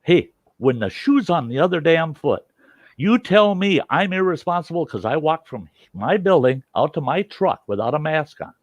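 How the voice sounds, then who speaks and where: A man's voice: on the high side, lively intonation, normal speed, dry recording, dull audio. A man from the United States hosting a talk show, arguing insistently and repeating his points. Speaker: host. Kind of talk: heated casual debate.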